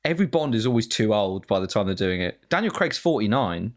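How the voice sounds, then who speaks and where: Wry teasing man with a lively voice. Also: lowish voice, fairly quick. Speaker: podcast co-host. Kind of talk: casual banter.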